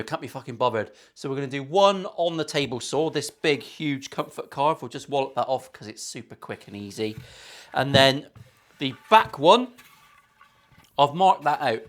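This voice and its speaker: A man's voice: medium pitch, a bit bright. A middle-aged man, a guitar maker hosting his own workshop video, talking in sweary, self-mocking, rambling banter. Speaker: luthier and channel host. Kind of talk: casual workshop vlog banter.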